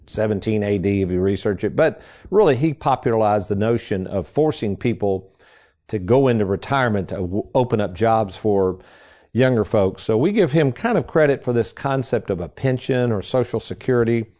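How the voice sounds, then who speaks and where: A man's voice: fairly low pitch, lively intonation, normal speed, warm tone. A man, hosting a financial radio show in a casual, folksy storytelling way. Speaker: financial advisor and radio host.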